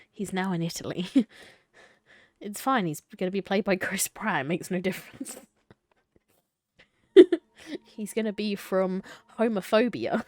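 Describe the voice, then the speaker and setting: A woman's voice: mid-range voice, a little slow, long pauses, no room sound. A young adult woman live-streaming a choice game, reading it aloud and chatting playfully with viewers, laughing and swearing casually.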